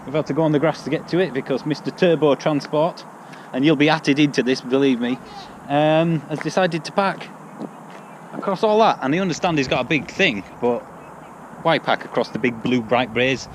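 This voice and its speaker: A man's voice: fairly high pitch, moderate pace. An English man chatting casually and jokily as a vlogger, outdoors by a car charger. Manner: chatty, jokey, laughs often. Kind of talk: casual vlog chat. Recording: noisy outdoor recording with traffic.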